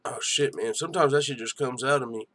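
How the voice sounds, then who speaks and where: A man's voice: mid-range voice, quick pace, a bit bright. A young man hosting a live fight-night stream, giving hyped, slangy reaction commentary and chatting with viewers.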